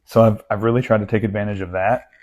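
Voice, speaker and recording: This young male book vlogger has a fairly low, darkish voice with little pitch movement, and he talks fast. Chatting loosely about his latest haul, he rambles, jokes at his own expense, and restarts often between asides.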